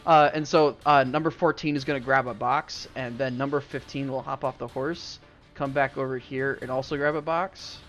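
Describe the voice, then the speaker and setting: A man's voice: mid-range voice, steady tone, moderate pace, a bit bright. Rambling male game master. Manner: rambling, many fillers. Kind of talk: narrating a tabletop game. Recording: dull lo-fi stream mic with music.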